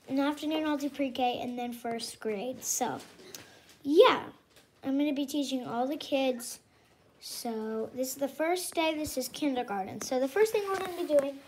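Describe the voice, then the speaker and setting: A woman's voice: sits high, a little mellow. A woman playing teacher to her dolls, chatting and reading a children's story aloud in a casual, restarting way. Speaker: pretend teacher in doll play. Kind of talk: playful doll role-play, reading a story aloud.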